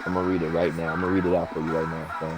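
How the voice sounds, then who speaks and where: A man bantering casually over voice chat while playing a wrestling video game, with quick, dry, teasing remarks. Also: deep voice, flat delivery, over loud music. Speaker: co-player on voice chat.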